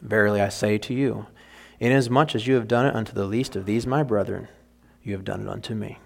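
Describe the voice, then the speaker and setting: Calm, solemn divine voice speaking scripture, read by a man in his own voice. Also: a little high, a little fast, pitched above the performer's own voice.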